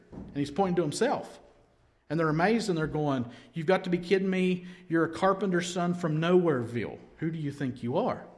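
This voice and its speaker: A man preaching a sermon, retelling scripture with lively storytelling and acted-out quotes. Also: fairly high pitch. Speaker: pastor.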